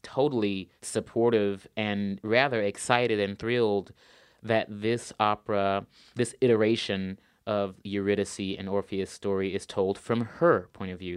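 A man's voice: fairly low pitch, clear, resonant tone, no echo. A man, an opera singer, answering interview questions in an earnest, thoughtful way and repeating words for emphasis.

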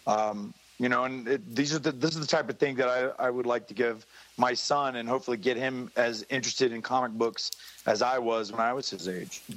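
A man's voice: mid-range voice, steady tone, brisk, fairly bright tone, poor audio. A man guest co-hosting a casual chat, talking hesitantly with many restarts. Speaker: guest co-host.

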